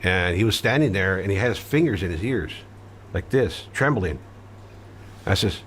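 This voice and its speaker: Deep-voiced man telling a blunt story. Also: animated, normal speed, a bit bright, a little hiss or hum. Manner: blunt, matter-of-fact and profane, with frequent fillers. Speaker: interview guest recounting his past. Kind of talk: conversational storytelling.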